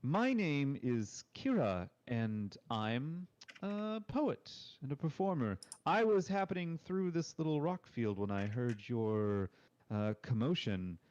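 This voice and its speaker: A man voicing a cheerful, playful young woman bard, with a raised, excited and theatrical delivery. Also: medium pitch, takes it slowly, dull audio, voice pushed up.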